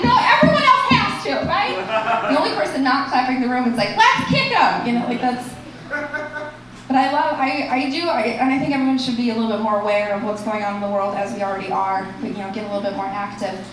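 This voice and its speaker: A woman performing a stand-up comedy set and hosting the show, animated and shouting her punchlines in high bursts. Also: far from the mic, noisy background. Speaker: stand-up comic and festival host. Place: comedy club stage. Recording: echoey room picked up from afar.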